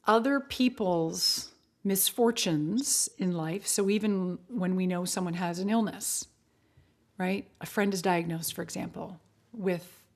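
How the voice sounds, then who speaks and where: A woman at an ordinary middle pitch chats as a podcast guest. She talks in animated bursts, full of fillers and restarts. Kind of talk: casual interview chat.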